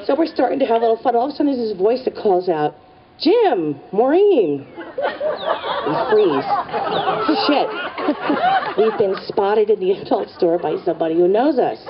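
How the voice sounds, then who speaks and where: A woman's voice: mid-range voice, quick pace, few pauses, a loud crowd. A middle-aged woman telling a stand-up comedy story in a wry, conspiratorial way, full of asides. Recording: distant, dull live stage recording with audience and noise. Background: audience laughter.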